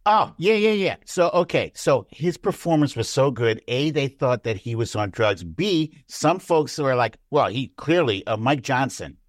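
A man in casual political chat, animated, acting out quotes with big jumps in pitch. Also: measured pace, few pauses, no room sound, studio quality.

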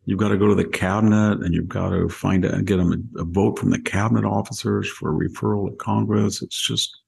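Gravelly older man, rambling commentary. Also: on the low side, brisk. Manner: long rambling explanations with animated quoted voices. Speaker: podcast host, commentator. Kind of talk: casual political talk.

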